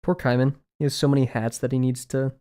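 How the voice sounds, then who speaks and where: A man's voice: medium pitch, flat delivery, quick pace, dark tone. A man chatting casually on a live stream while he draws, rambling through asides with lots of filler words. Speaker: drawing streamer.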